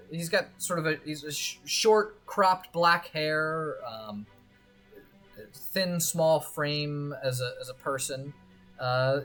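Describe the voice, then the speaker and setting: Slow, halting game master. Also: medium pitch, a bit bright. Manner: halting, many fillers and restarts. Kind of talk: narrating a tabletop game.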